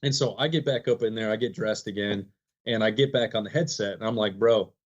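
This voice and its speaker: A man's voice: lowish voice, fairly quick, muffled recording. A man telling a long story on a podcast as a guest, acting out quotes and laughing often. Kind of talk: casual storytelling.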